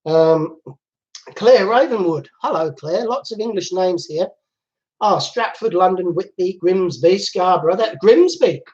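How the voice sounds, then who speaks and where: A man's voice: sits high, expressive, a little slow, darkish tone. A man hosting a casual live chat from home, chatting and laughing easily as he reads out viewer comments. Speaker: livestream host. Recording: dull lo-fi livestream audio.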